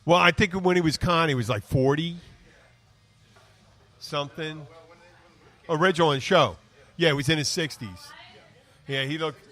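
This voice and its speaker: A man's voice: fairly high pitch, moderate pace, long pauses, sharp tone. A man with an American accent hosting a podcast in loose, rambling casual chat, swearing and laughing often. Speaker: podcast host.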